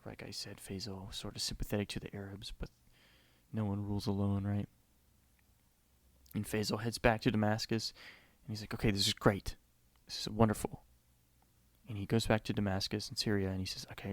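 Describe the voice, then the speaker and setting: A man's voice: on the low side, a little mellow, no echo. An American man giving an informal history lecture in a loose, conversational way, full of "you know" fillers. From United States.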